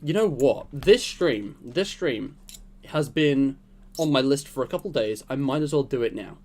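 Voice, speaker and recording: A man's voice: medium pitch, expressive, normal speed, a little mellow. A young man streaming a game, chatting casually and rambling in a jokey way to his viewers. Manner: rambling, jokey, talks to chat while playing. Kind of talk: casual gameplay chat.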